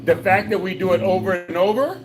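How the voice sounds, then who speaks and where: With a high-sitting, fairly quick voice over background noise, a senior fitness instructor leads a live exercise class for older adults. He coaches patiently and repetitively, giving step-by-step call-and-response cues sprinkled with folksy jokes.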